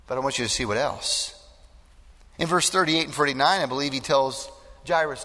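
A man's voice: a little high, expressive, brisk, bright, forceful tone, long reverb tail. A male pastor giving an earnest, emphatic sermon, often repeating phrases for weight.

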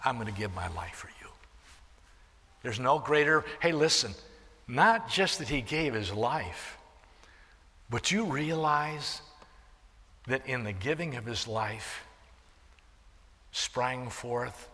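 A man preaching a sermon, swinging from hushed near-whispers to loud emphatic declarations and quoting scripture. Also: medium pitch, takes it slowly, long pauses, big-room sound. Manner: restarts and fillers, quoting scripture.

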